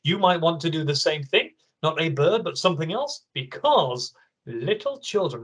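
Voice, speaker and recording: A man teaching an online writing lesson, reading a picture book aloud in an expressive, encouraging way. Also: a little high, poor audio.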